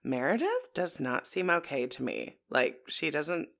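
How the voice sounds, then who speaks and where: A woman's voice: low voice, very animated, a little slow, creaky, fairly bright tone. A woman from Canada co-hosting a podcast, talking bluntly in casual chat, swearing and laughing easily. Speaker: podcast co-host.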